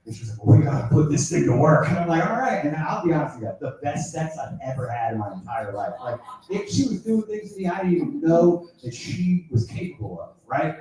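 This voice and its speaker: A man's voice: a little high, sing-song, a little fast, few pauses, warm tone. A man doing a stand-up set, telling a crude story in a rambling way with many fillers. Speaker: stand-up comedian. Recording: echoey room from far off.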